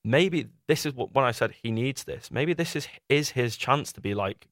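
A man's voice: medium pitch, expressive, moderate pace, few pauses, a bit bright, dry recording, clean studio sound. A man, co-hosting a review podcast, making his case in casual debate and acting out quoted voices. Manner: argumentative, acts out quoted voices. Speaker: podcast co-host reviewing a documentary.

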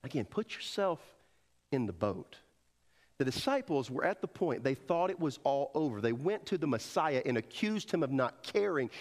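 A man preaching a sermon as pastor, swinging between loud emphatic peaks and hushed quoted lines, and leading the congregation to repeat after him. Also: a little high, very animated, moderate pace. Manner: leads the congregation in call and response.

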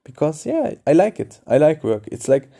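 Guy talking straight at you with dating tips, very dark mellow tone, keeps repeating himself like a coach. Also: a little high, very animated, moderate pace, gravelly. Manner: direct, repetitive, coaching tone. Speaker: podcast host. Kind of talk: casual advice monologue.

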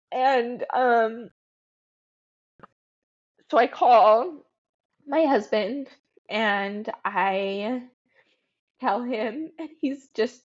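A woman in her thirties, appearing as a podcast guest, tells a personal story haltingly and with emotion, often saying "um" and starting over. Her pitch is fairly high, her tone darkish, and the sound lo-fi.

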